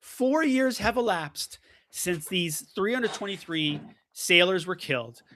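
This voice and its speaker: Excitable high bright-voiced male co-host. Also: a little slow, a little hiss or hum. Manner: excitable storyteller, many fillers and restarts. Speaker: debate show co-host. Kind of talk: animated debate banter.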